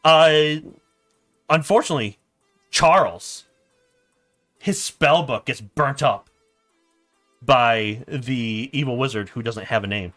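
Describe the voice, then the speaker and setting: A man narrating a story in a board game on a stream, laughing and animated. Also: medium pitch, slow pace, pauses often, soft background music.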